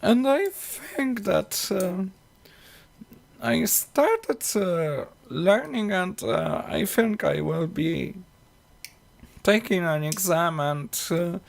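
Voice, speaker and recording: A woman hosting a casual electronics live stream, talking haltingly with many fillers and restarts, with a tickly cough. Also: lowish voice, gravelly.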